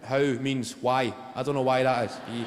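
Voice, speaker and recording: A man in his twenties with a Glaswegian Scottish accent, doing a stand-up routine and telling stories in an animated, profane way. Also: medium pitch, fairly quick, heavy background noise. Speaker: stand-up comedian. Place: live venue on stage. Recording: long hall reverb, loud ambience.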